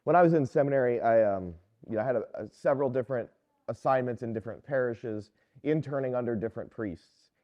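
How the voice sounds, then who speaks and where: A Catholic priest giving a sermon in a conversational, storytelling manner. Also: male voice, mid-range voice, quick pace, highs cut off.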